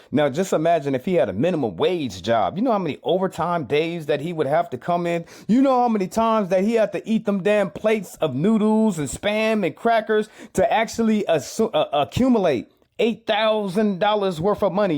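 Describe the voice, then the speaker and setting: A man gives emphatic reaction commentary on a clip, his voice sitting slightly high. He repeats his points and leans on rhetorical questions. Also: animated, fairly quick, few pauses, a little mellow.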